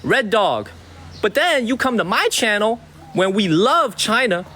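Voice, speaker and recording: A Chicago man with a Chicago accent livestreams from outdoors and talks straight to his chat. His voice sits high and swings widely up and down. He stays emphatic, repeats his points and thanks viewers by name. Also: lively intonation, normal speed, bright, forceful tone. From Chicago, USA. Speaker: livestream host. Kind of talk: casual live-stream talk to chat. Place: outdoors in a Chinese water town.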